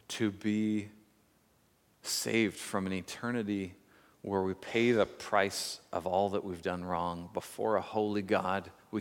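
A man preaching a sermon as pastor, reflective and measured, telling a story with pauses. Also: on the low side, in a large hall.

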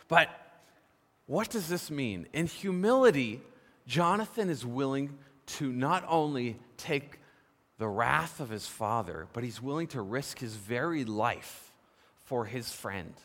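A man preaching a sermon, telling a story with lively emphasis and posing questions to the congregation. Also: medium pitch, takes it slowly. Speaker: pastor. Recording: long reverb of a large hall.

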